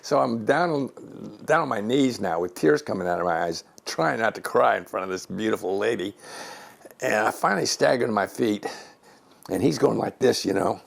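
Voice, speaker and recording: Older man, seventies, retired officer, low gravelly voice, animated anecdote teller who voices his characters. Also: moderate pace. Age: 70s. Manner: animated storyteller who acts out quoted voices. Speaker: retired Air Force general. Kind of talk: telling personal anecdotes. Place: his own home.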